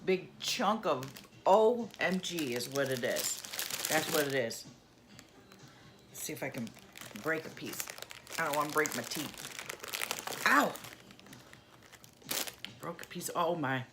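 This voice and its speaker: Over a noisy background, a low-pitched, animated woman from New York State reviews candy for her vlog. She eats unhurriedly, savoring each bite and humming a lot out of sheer delight.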